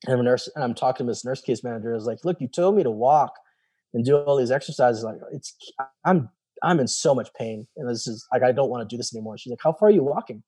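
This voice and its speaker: A man's voice: mid-range voice, fast talker, warm tone, breathy edge. A man, a former special operations soldier, telling his personal story candidly in an interview, acting out the voices of people he quotes and swearing casually.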